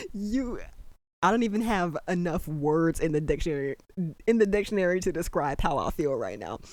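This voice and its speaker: Excitable reaction commentator, dry sound. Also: medium pitch, no echo. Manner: animated, exclaiming, disbelieving; holding the voice down at night. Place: at home at night.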